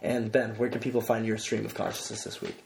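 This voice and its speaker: A young man hosting a podcast, telling stories in an excitable, casual way and swearing freely. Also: lowish voice, fast, creaky, slight background noise. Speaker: podcast host.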